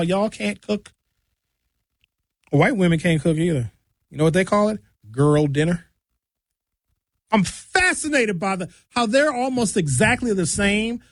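Male commentator, preachy sarcastic ranter, slightly high voice, dry sound. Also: creaky, no room sound. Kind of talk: ranting monologue.

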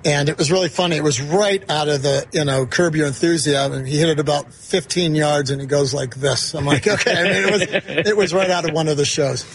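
A man's voice: on the high side, fairly quick, hardly any pauses, husky. A man who runs an investment firm, chatting as a guest in a casual interview and telling stories with lots of fillers. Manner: chatty, storytelling with many fillers. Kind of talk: casual interview at a golf tournament. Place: outdoor broadcast studio at a golf event.

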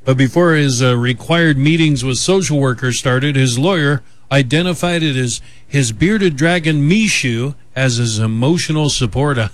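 A man's voice: mid-range voice, moderate pace, few pauses, no echo. A man co-hosting a radio show, telling an odd news story in casual banter, chatty and joking with frequent fillers. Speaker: radio co-host. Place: radio studio.

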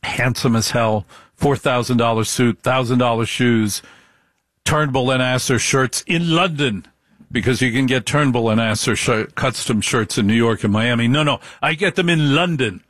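A man's voice: mid-range voice, steady tone, normal speed, a bit bright, no room sound. A man telling personal stories in a casual monologue, emphatic and repetitive, asking rhetorical questions. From United States. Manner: emphatic, repeats phrases for effect, rhetorical questions.

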